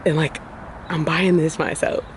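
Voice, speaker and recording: A woman's voice: deep voice, steady tone, unhurried, roomy sound, a little hiss or hum. A young woman, chatting casually to her vlog viewers, calling them y'all and honey. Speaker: vlogger. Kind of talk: casual vlog talk to camera. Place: inside and around a car, outdoors in the city.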